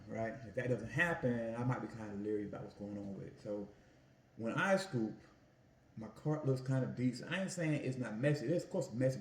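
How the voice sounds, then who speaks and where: A man in his home kitchen, telling stories about his Italian ice business in an animated, folksy way while he cooks. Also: mid-range voice, reverberant, a little hiss or hum. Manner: animated, folksy storytelling with "y'all" and "family". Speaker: food vlogger and Italian ice vendor. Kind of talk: casual storytelling while cooking.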